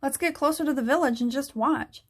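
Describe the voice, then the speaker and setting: Woman doing an excited little girl, bright and high, storybook voice. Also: brisk, close to an everyday voice. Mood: eager. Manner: excited, cheerful. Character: young girl, eager and bold. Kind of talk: storybook reading.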